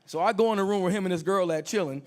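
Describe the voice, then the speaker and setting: High voiced guy doing crude standup on a club stage, handheld mic, animated. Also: racing. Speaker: stand-up comedian. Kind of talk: stand-up comedy set.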